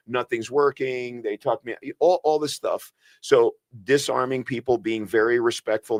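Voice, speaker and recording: A man's voice: medium pitch, no room sound. A man hosting a radio health show as a doctor, talking in a casual, earnest way with frequent restarts.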